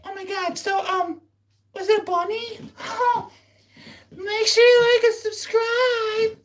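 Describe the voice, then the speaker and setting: A squeaky, sky-high falsetto goofball, giggly and breathy, stretching every word out slowly. The voice slides all over, with faint music under it. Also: male voice, level tone. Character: squeaky falsetto goofy alter ego. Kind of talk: livestream chat.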